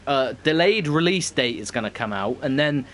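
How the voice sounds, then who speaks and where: A man's voice: mid-range voice, animated, normal speed, fairly bright tone, slight background noise. A man streaming a video game, chatting casually with friends and swearing freely as he rambles. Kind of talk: casual chat over gameplay.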